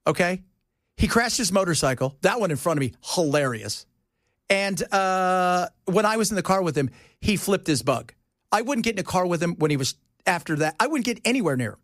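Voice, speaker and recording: A man's voice: high-pitched, expressive, a little fast, a bit bright, no echo, studio quality. A man hosting a radio talk show, joking and teasing his co-hosts in casual on-air banter and acting out the voices of people he quotes. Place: radio studio.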